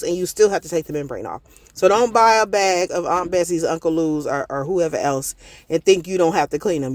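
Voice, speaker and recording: A woman's voice: fairly low pitch, a little mellow, dry recording. A woman giving a casual recipe voiceover from a parked car, chatty and folksy, her throat a little irritated. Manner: chatty, folksy, addresses viewers as y'all. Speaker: cooking vlogger. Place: parked car on a work break.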